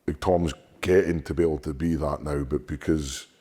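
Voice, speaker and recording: A man, a strongman guest, telling stories candidly in an interview, sweary and animated, often repeating words. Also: extremely low pitch, normal speed, breathy edge.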